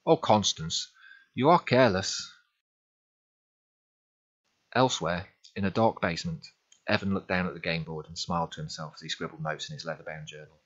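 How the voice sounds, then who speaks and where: A male narrator tells a fantasy tale with dramatic, scripted delivery. His low voice has a husky texture yet a bright, forceful edge, and faint music plays under it. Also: flat delivery, fast, muffled recording. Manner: dramatic storytelling.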